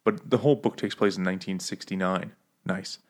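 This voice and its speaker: Laughing low-voiced man in his 30s. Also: fairly even intonation, a little fast. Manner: rambling, laughs often, joking. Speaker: podcast co-host. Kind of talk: casual chat over beers.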